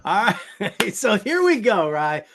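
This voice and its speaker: High-voiced playful male host. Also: very animated, slow, over music. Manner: playful, teasing, game-show style quizzing. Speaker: sports talk show host. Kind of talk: casual sports talk.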